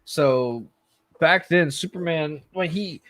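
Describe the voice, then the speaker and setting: A man's voice: a little high, slow, fairly bright tone, no echo. Matter-of-fact man explaining comic lore. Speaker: podcast co-host. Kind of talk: casual chat.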